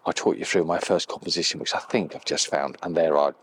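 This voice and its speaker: A man's voice: a bass voice, steady tone, quick pace, a bit bright, slightly rough. A man filming an outdoor photography vlog beside a loch, talking enthusiastically and at times dropping to a whisper. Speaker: landscape photographer.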